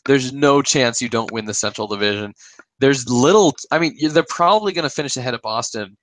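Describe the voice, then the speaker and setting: A man in casual sports chat on a podcast, with a bright, forceful voice recorded close and dry. He jokes around and chuckles often as he talks. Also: mid-range voice, a little fast, no room sound. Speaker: podcast co-host.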